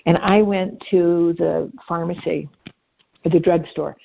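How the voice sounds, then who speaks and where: A woman guest telling personal stories in an earnest, conversational way, dropping softly at tender moments. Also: fairly low pitch, steady tone, slow pace, vocal fry, highs cut off. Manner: earnest, anecdotal, speaks softly at emotional moments. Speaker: podcast guest. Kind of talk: conversational storytelling.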